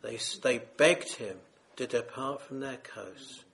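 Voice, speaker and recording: A man's voice: mid-range voice, takes it slowly, gravelly, fairly bright tone. A man preaching a sermon, earnest and solemn, pleading with his listeners.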